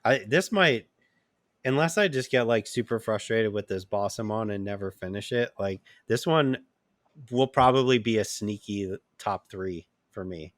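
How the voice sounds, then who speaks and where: A man co-hosts a gaming podcast in a low voice, chatting loosely and filling his talk with "like." He laughs at himself as he goes. The recording is dry and close. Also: moderate pace, no room sound. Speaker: podcast co-host. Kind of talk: casual chat.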